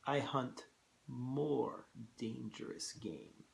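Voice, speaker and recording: A man voicing a suave, menacing older Russian hunter general with a put-on Russian accent and a slow, low delivery. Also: big pitch swings, creaky, fairly bright tone, slight background noise, full character voice.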